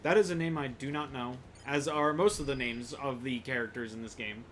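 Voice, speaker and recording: Fairly bright and medium-pitched, this streamer talks a little fast as he plays, greeting chat, chatting with viewers and cracking jokes about the game. Slight background noise accompanies his casual gameplay commentary.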